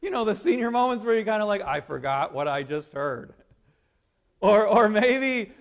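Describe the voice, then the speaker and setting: With an extremely high pitch, the pastor gives a sermon full of drama, alternating forceful declarations with soft near-whispers while laughing gently as he speaks.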